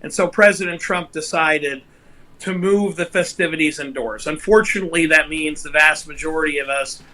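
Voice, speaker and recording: A man's voice: fairly high pitch, moderate pace, pushed and bright, rough recording. A man appearing as a guest commissioner, explaining things in a matter-of-fact way. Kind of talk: casual talk show guest.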